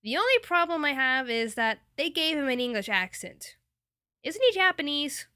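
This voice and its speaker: A woman's voice: sits high, big pitch swings, normal speed, pushed and bright, no echo, clean studio sound. A woman reviewing an anime dub in a casual, enthusiastic, chatty way.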